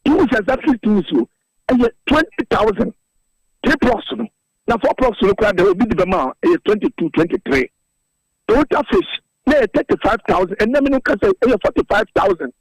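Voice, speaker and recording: A man's voice: sits high, big pitch swings, fairly quick, husky, no room sound, low-quality recording. A man from Ghana speaking as a drivers' union spokesman in a radio interview, earnestly reeling off prices and figures.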